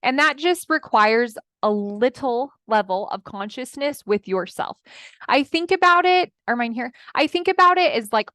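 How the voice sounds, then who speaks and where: A woman's voice: fairly high pitch, fairly bright tone, no room sound, studio quality. A woman in her thirties giving a chatty motivational talk as a marriage coach, speaking straight to her listeners and acting out her clients' words. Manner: chatty, addresses listeners as friends, acts out quoted clients.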